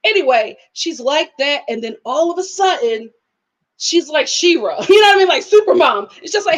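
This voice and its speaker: Hosting a reality TV review, a young woman with a very high-pitched voice chats casually at a normal speed. She's animated, laughs a lot, and acts out what people said.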